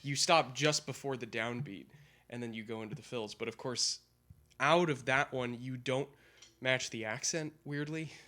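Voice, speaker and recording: Casual male drummer, mid-pitched, meandering explainer who scats patterns. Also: normal speed, bright, forceful tone. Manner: rambling, hesitant with fillers, scats drum and guitar patterns aloud. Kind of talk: casual practice-session chat.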